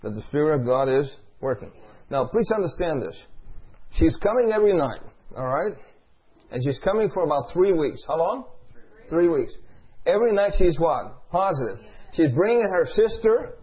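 A man's voice: a little high, sing-song, normal speed, husky. A middle-aged male preacher giving a sermon, telling a story and asking the congregation call-and-response questions. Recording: dull lo-fi recording.

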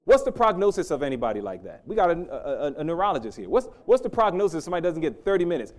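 A middle-aged man preaching a sermon, swinging from loud emphasis to hushed, intense storytelling. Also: fairly high pitch, very animated, racing, hardly any pauses.

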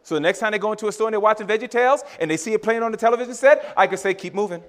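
Racing along in a high voice, a male preacher delivers a sermon full of laughter and animation. He acts out talks with his children and refers to his listeners as brothers and sisters.

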